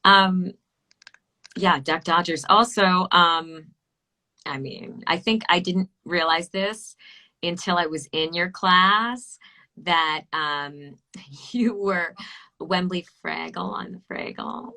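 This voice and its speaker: A woman's voice: on the low side, slow pace, pushed and bright. A woman hosting a casual interview podcast, asking playful questions and laughing often. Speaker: podcast host.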